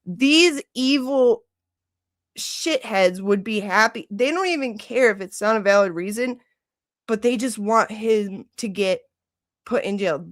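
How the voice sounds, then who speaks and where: A woman from Michigan hosting a livestream, chatting casually and ranting with lots of "like" and swearing. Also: mid-range voice. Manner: animated, ranting, heavy use of "like", swearing. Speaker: livestream host.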